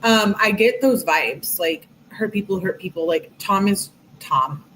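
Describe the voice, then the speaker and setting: A woman's voice: mid-range voice, unhurried, fairly bright tone, slight background noise, poor audio. A woman reading text messages aloud and giving chatty, reflective commentary on a true crime case, with lots of "like" and "um". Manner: chatty, reflective, many fillers like "like" and "um".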